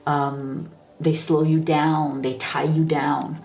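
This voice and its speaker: A woman's voice: deep voice, level tone, slow pace, darkish tone, echoey room. A tearful woman giving an earnest, emotional pick-a-card tarot reading, often repeating herself. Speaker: tarot reader.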